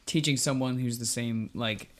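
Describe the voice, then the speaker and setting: A man's voice: mid-range voice, steady tone, moderate pace. A young man co-hosting a casual podcast chat, teasing and laughing often. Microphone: studio mic.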